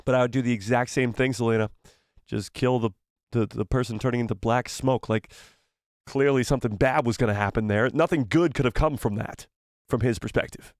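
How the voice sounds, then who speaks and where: A young man hosting a casual live stream, reading viewer messages aloud in an animated, playful way and sometimes stumbling over the words. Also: mid-range voice, fairly quick, no echo, studio quality.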